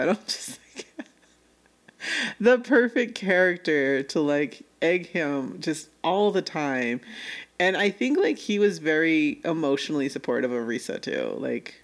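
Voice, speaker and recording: A woman with a low, sing-song voice recaps an anime in casual conversation, speaking a little slowly. She's chatty, laughs often, and acts out the characters' lines.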